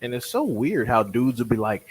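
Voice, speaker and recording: A man's voice: mid-range voice, sing-song, moderate pace, slight background noise, rough recording. A man co-hosting a casual boxing chat, arguing with animation and mocking critics by mimicking them. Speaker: boxing podcast co-host.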